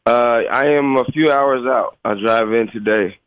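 A man with a sleepy morning voice, chatting casually as a guest over the phone, relaxed and repeating his words. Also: mid-range voice, unhurried, clear, resonant tone, no room sound. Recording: muffled phone line.

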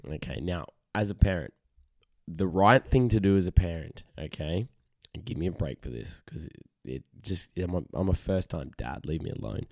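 A man's voice: sits low, animated, moderate pace, gravelly, darkish tone, dry recording, studio quality. A tired man hosting a casual solo podcast, rambling, frank and self-deprecating, swearing freely. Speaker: podcast host.

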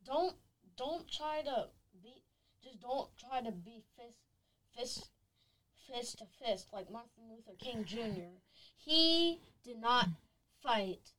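Slow-talking, halting woman. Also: on the high side, rough recording. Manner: halting, repeats words as she searches for them. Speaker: group member. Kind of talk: casual chat.

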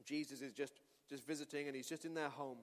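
A male pastor preaching a sermon and telling a story with lively delivery that rises to shouts. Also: mid-range voice, fast. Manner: animated storytelling, shouting at climaxes. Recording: long reverb of a hall.

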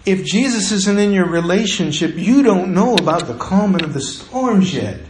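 A man preaching a sermon in a church, conversational, with slow, quiet passages for emphasis. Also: high voice, expressive, crowd noise. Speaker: pastor. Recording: echoey room.

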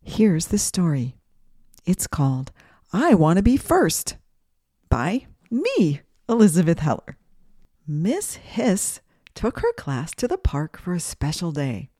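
A woman's voice: deep voice, big pitch swings, slow pace, warm tone, no echo, studio quality. A woman hosting a children's podcast, reading a story aloud and guiding breathing exercises in a sing-song, guiding way.

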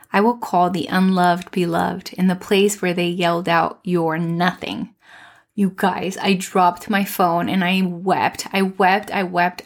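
A woman hosting a faith podcast, telling a personal testimony in an earnest, heartfelt way with soft, tender pauses. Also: mid-range voice. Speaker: podcast host.

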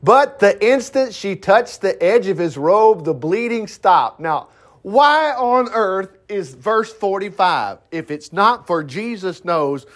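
A man preaching who reads scripture aloud and keeps breaking off for lively asides and exclamations. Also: sits high, slow. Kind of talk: sermon reading and commenting on scripture.

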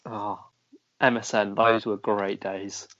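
A man's voice: lowish voice, level tone, slow pace, a bit bright, muffled recording. A man co-hosting a casual podcast, with dry, teasing banter. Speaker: podcast co-host.

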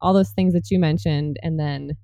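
Woman host, lower voice, dark and dry sound, emphatic and affirming. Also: steady tone, moderate pace, no echo. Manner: emphatic, affirming, builds on guest's points. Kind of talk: casual conversational talk.

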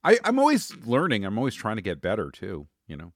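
A podcast co-host with a voice on the low side keeps things jokey and lively, drawing words out to emphasize them. He's recorded on a studio microphone with no echo.

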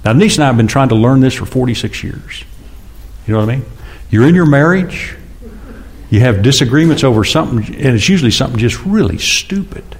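A man in his sixties preaching a conversational sermon, often asking the congregation questions and acting out quoted speakers in louder, higher bursts. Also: lively intonation, a little fast, slight background noise. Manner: chatty, asks the congregation questions, acts out God and James. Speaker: pastor.

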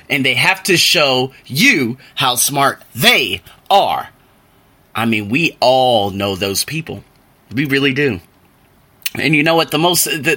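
A man hosting a solo podcast book review, telling stories in an animated way that climbs into exasperated rants. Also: a little high. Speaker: podcast host.

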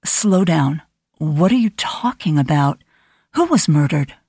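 A blunt, down-to-earth young woman with a low, muffled delivery, voiced by a woman reading an audiobook. The voice sits well below the narration. The sound is dry and close. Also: expressive, measured pace, darkish tone, breathy edge, dry recording, heavily acted.

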